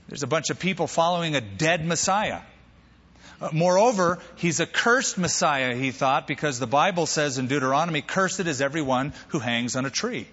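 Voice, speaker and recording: A man preaching a sermon as pastor, lively and animated, acting out quoted voices. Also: fairly high pitch, slightly rough, big-room sound, highs cut off.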